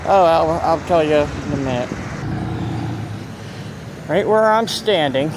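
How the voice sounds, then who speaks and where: A man with a Central Pennsylvania accent narrates a walk through town, speaking slowly in a slightly high voice. He rambles, restarts his sentences and points things out as he goes. The phone recording is outdoors, with faint street and traffic noise behind him. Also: expressive. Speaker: local walking-tour vlogger. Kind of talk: casual walking narration.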